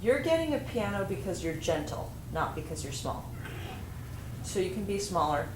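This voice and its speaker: Woman music coach, lowish voice, direct practical instructions, echoey noisy room. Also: sing-song, normal speed. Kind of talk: rehearsal coaching. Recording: echoey room with noise, from a distance.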